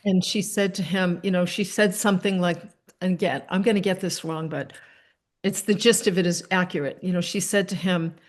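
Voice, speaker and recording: A middle-aged woman hosts a relaxed chat over a video call. She tells a long story with animated quick asides and soft fillers along the way. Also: fairly low pitch. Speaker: host.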